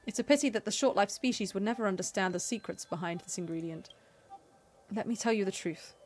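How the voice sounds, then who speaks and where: A woman's voice: medium pitch, brisk, a little mellow, soft background music, lightly acted. A woman reading the lines of a nervous, secretive male alchemist healer aloud from a game, in her own voice. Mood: guarded.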